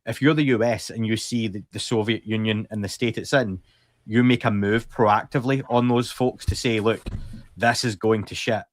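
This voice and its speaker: A man speaking as a podcast guest in casual chat, relaxed and quick to add disclaimers. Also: lowish voice.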